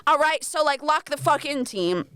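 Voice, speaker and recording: With a high, fairly bright voice, animated and at normal speed, a young Australian woman chats alone as a podcast host. She rambles, laughs at herself and curses freely, recorded at studio quality with no echo.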